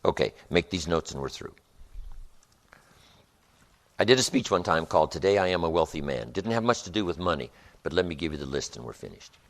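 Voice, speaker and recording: A man's voice: low voice, animated, a little fast, long pauses. A man giving a live motivational seminar, speaking emphatically with rhythmic repetitions and storytelling. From United States.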